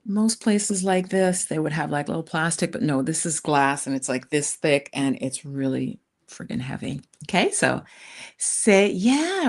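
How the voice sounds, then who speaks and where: A woman's voice: fairly low pitch, a little slow. A woman hosting a tarot live stream, chatting casually with viewers in a rented countryside room. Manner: chatty, warm asides to viewers, frequent "you guys". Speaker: tarot reader, channel host.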